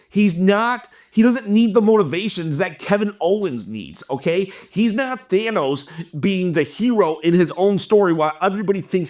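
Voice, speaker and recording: A young man hosting a wrestling channel, delivering an animated, exasperated opinion rant to camera. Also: sits high.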